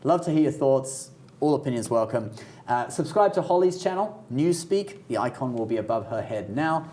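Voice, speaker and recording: This co-host of a casual discussion show has a British accent and a medium-pitched, animated, mellow voice at a moderate pace. He's easygoing and often chuckles as he talks.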